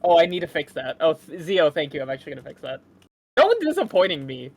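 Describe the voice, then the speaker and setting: A guest co-streamer chatting casually on a voice call, excitable, laughing easily and sometimes yelling. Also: medium pitch, breathy edge. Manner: excitable, quick to laugh and yell.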